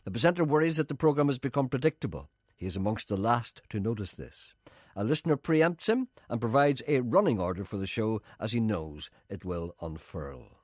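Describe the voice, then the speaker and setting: A man's voice: fairly low pitch, expressive, brisk, hardly any pauses, a little mellow, dry recording. A middle-aged man presenting radio, dry and self-mocking as he reads out listener letters. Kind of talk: wry radio chat with comic readings. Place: radio studio.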